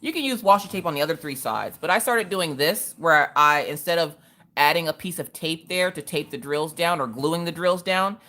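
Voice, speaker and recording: Woman, livestream host, chatty and casual, very lively pitch, calls out viewers by name. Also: moderate pace. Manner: animated, greets viewers in the chat by name. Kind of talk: casual livestream chat while crafting.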